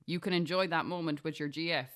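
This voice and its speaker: A woman's voice: low voice, steady tone, fast talker. Woman reading comments aloud, casual. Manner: reads out comments, laughs easily. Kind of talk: casual chat.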